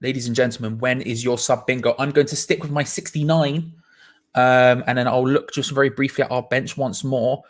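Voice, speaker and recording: A man's voice: mid-range voice, fairly even intonation. A man hosting a live football watch-along, chatting casually and greeting viewers by name. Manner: chatty, reads out viewer names, quick asides. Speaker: host.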